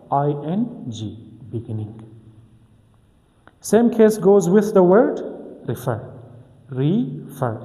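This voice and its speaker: A man's voice: on the high side, dark tone, big-room sound. A man teaching an English grammar lesson, methodically repeating key points and asking and answering his own questions.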